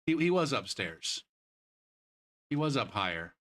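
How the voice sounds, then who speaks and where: With a mid-range, sing-song voice at a measured pace, a young man comments casually on his kart racing stream. Angry about a lost race, he swears and rants, shouting in disbelief at the replay.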